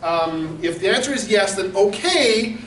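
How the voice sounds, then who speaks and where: In an echoey convention hall recorded from far off, a man runs the charity auction, warming up the live room with crude, mocking stories and laughs. His voice is high with lively intonation and a measured pace, a bit bright, with a little hiss or hum. His manner is brash.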